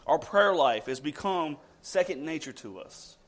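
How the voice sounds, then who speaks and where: This sermon comes from a man whose voice is a little high and animated, with a faint hiss or hum in the audio. He asks his listeners rhetorical questions, shifting from loud emphasis to soft, unhurried lines.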